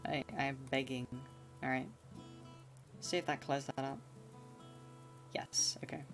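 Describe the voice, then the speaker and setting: A woman's voice: extremely low pitch, steady tone, a little slow, faint music behind. A woman streamer casually commenting on her gameplay, chatty and giggly, talking to herself.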